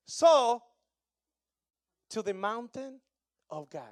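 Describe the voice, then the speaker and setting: A man in his thirties from Argentina, preaching a sermon with an Argentine Spanish accent in broken English, animated and joking with the congregation. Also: very high voice, very slow, pauses often, no room sound, clean studio sound. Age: 30s. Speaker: pastor.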